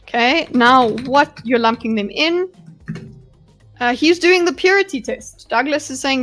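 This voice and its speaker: A woman live-streams her breakdown of a debate, talking bluntly and animatedly and swearing freely. Her voice sits high. Faint music plays quietly underneath. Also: measured pace. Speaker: livestream host analysing a debate. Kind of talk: live reaction commentary.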